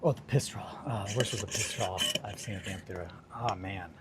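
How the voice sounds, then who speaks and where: A young man streaming a casual chat, telling rambling stories with lots of swearing and sudden bursts of excitement. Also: fairly low pitch, fast talker, noisy background.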